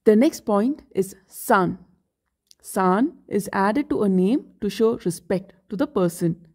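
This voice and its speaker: A woman teaching a beginner language lesson, explaining grammar points slowly and carefully with example phrases. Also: medium pitch, animated, warm tone.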